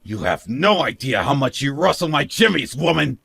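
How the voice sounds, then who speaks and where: Brief: male voice as a cruel sneering husband, shouty and taunting, lively bright delivery. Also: medium pitch, moderate pace, creaky, husky, no echo, full character voice. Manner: sneering, mocking laughs, shouts. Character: smug cruel young husband, mocking and bossy. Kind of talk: animated story narration.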